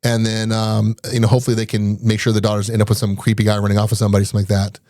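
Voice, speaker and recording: Man, middle-aged, podcast guest, casual storytelling, rapid delivery, dry close sound. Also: lowish voice, dry recording. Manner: rapid, animated anecdotes broken up by laughter. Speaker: podcast guest, IT business owner.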